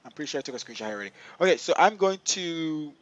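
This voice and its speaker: A young man live-streaming a flight simulator, chatting excitedly to his viewers and laughing often. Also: a little high, fast, no echo, dull audio. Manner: excitable, laughing, talks to chat.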